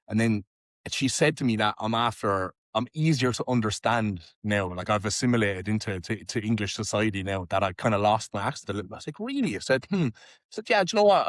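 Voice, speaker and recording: A man with a Tipperary Irish accent, hosting a casual podcast chat and telling lively stories with plenty of swearing. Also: on the low side, no room sound, clean studio sound. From Ireland. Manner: lively storytelling, frequent swearing. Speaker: podcast host.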